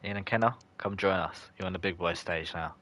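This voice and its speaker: A man with a low, deep voice casually narrates his football video game on a live stream. He chats loosely with viewers and calls them by name. He jokes in slang and swears when a match goes against him. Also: brisk, bright, forceful tone. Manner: chatty and loose, answers chat viewers by name. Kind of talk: casual live-stream commentary, reacting to chat.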